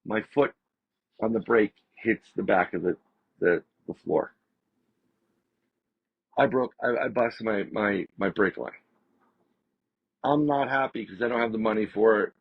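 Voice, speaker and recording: Gravelly, husky man telling a story. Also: fairly low pitch, a little slow, pauses often, no echo. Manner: animated, repeats phrases for emphasis. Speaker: podcast guest. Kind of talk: casual storytelling. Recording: slightly dull lo-fi audio.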